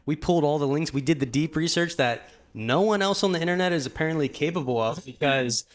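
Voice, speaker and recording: A man's voice: on the high side, fast. A man co-hosting a casual livestream, rambling with fillers and restarts. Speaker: podcast co-host.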